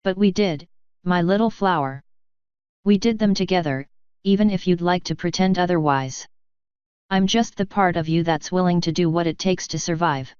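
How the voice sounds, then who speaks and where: Woman reader as a honeyed, condescending monster mare, low and very clear voice, storybook reading. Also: normal speed, darkish tone, no room sound, muffled recording, close to an everyday voice. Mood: taunting. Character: sinister fanged female pony doppelganger, mocking.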